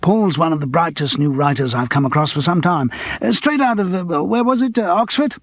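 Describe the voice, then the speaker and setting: A man voicing an effusive television producer who talks in halting bursts. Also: fairly high pitch, dry recording, pitched above the performer's own voice. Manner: effusive, halting, full of ums.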